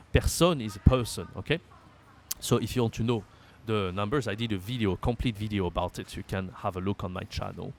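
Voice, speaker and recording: A man with a French accent teaching French in an online lesson, repeating phrases aloud and explaining them with many fillers. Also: on the low side.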